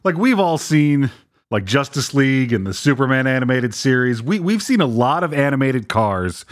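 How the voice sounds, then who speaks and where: A man co-hosts a casual podcast, tossing in dry, joking asides. His voice sits at an ordinary middle pitch. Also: sing-song, moderate pace. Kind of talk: casual chat.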